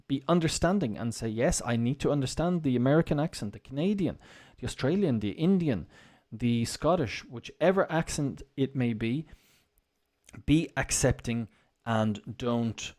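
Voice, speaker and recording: A man's voice: mid-range voice, a little mellow. A man hosting a casual online English lesson, talking in an encouraging, conversational way with many fillers. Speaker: English teacher and show host. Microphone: desk mic, wearing headphones at first.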